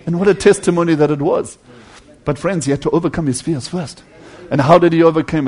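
A male preacher giving a sermon, swinging between loud emphatic passages and hushed near-whispers, earnestly calling his listeners friends. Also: on the high side, a little fast, slightly rough.

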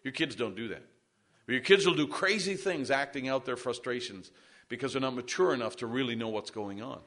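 Bright-voiced preaching pastor, a man. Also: mid-range voice, a little fast. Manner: preaching with rising emphasis, asks the congregation for amens. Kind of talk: sermon.

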